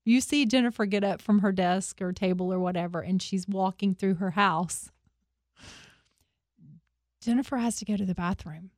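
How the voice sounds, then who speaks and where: A woman's voice: mid-range voice, normal speed, pauses often, no room sound, clean studio sound. A woman co-hosting a morning radio show, telling a funny story with lots of laughter and gushing energy. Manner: excitable, laughs often, gushing. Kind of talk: animated on-air storytelling. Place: radio studio.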